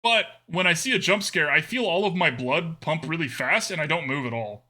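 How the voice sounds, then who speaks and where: A man's voice: fairly high pitch, a little fast, pushed and bright. A man streaming a card game live, chatting casually with his viewers and laughing often. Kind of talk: live gameplay commentary.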